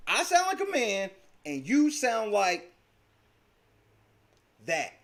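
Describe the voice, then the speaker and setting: High, lively, taunting man. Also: measured pace. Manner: profane, taunting, mocking. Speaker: livestream host. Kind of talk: heated livestream argument.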